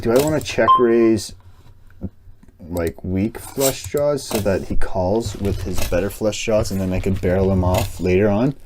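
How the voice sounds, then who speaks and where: A man's voice: sits low, noisy background. A man streaming an online poker session, thinking aloud about hands and muttering analysis to himself. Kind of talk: casual thinking aloud while playing. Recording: loud keyboard clicks and typing.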